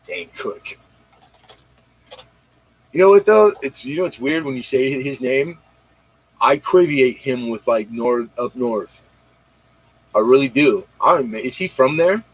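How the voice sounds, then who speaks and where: Husky, rambling late-night male streamer. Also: mid-range voice, expressive, a little slow, long pauses, no echo, poor audio. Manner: rambling, slangy, talks straight to viewers, retells comedy bits. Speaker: livestream host. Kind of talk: casual late-night livestream chat.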